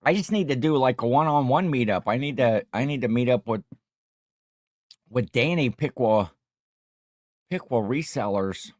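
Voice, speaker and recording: A man's voice: mid-range voice, expressive, normal speed, pauses often, no echo, studio quality. A tired middle-aged man hosting a casual livestream, chatting and reading viewer comments in a rambling, jokey way. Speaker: livestream host.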